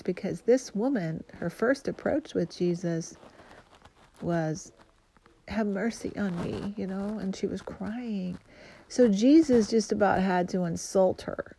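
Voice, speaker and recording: A woman minister preaching a sermon, earnest and emphatic, slowing down to stress key phrases. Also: medium pitch, creaky, mellow, slightly rough.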